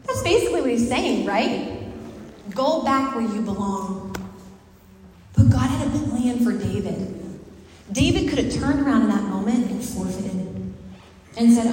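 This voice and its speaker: High-voiced woman preaching in an echoey hall. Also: unhurried, pauses often, slight background noise. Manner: animated, conversational, asks the audience questions. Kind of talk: sermon. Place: church hall with a live congregation. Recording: echoey hall, mic far off.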